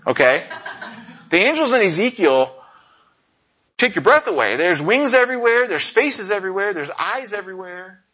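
A middle-aged man preaches in a chatty, animated way, acting out the voices in his stories. His tone is bright and slightly high, and the recording sounds dull and lo-fi. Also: moderate pace. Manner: animated storyteller, acts out quotes. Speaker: pastor. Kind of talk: conversational sermon.

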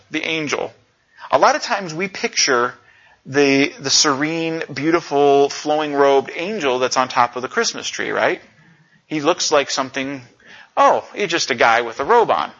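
A middle-aged man preaching a conversational sermon, telling stories and acting out quotes with animated energy. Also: fairly high pitch, unhurried. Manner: animated storyteller, acts out quotes. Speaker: pastor. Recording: dull lo-fi recording.

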